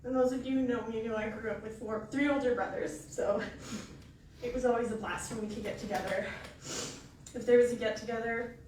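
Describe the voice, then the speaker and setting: A woman gives a eulogy for her cousin and sounds emotional and apologetic as she pushes through. Her voice is higher than most and reaches the mic from a distance. A very echoey hall surrounds her. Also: fairly even intonation, brisk, darkish tone, a little hiss or hum. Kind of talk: funeral eulogy. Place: funeral home chapel.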